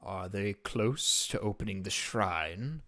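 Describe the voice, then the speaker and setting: Picture a disembodied cult priest whose voice reaches out from a magical fire, warped and faraway, voiced by a man. He delivers every order slowly and gravely. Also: fairly low pitch, lively intonation, fairly bright tone. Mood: commanding. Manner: slow, grave pronouncements. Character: distorted disembodied male cult priest speaking from flames.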